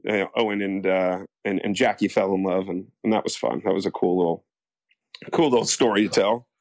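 Low-pitched and dark in tone, the young American man speaks briskly and steadily, with no echo. He's a soap opera actor guest in a relaxed interview, wandering through anecdotes with plenty of fillers and acted-out quotes.

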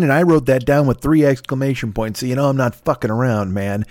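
A man's voice: medium pitch, steady tone, fairly quick, hardly any pauses, darkish tone, no echo, clean studio sound. A man in his fifties hosting a solo podcast, rambling, swearing and mocking himself. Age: 50s. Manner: profane, self-deprecating, rambling. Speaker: podcast host.

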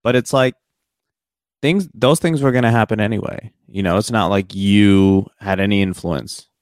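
A man's voice: on the low side, normal speed, darkish tone, no echo, studio quality. A man co-hosting a podcast in casual chat, talking in a reflective, earnest way with frequent "you know" fillers. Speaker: podcast co-host.

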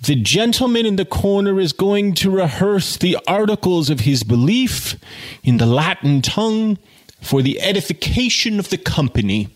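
A man's voice: high-pitched, very animated, normal speed, voice pushed up. A man doing a pompous young undergraduate. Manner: pompous, commanding. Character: haughty young male university undergraduate, condescending.

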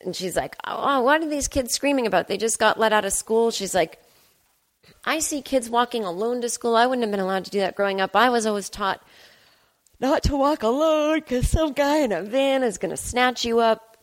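A woman hosts her podcast from her apartment, performing a funny story at her own expense and playing both parties in the exchange. She speaks at normal speed in a somewhat high voice.

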